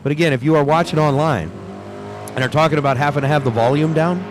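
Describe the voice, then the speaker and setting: A man's voice: fairly high pitch, fast talker, background noise. Chatty drag race announcer man. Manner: chatty, joking between calls. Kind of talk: live race commentary. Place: outdoors at a racetrack.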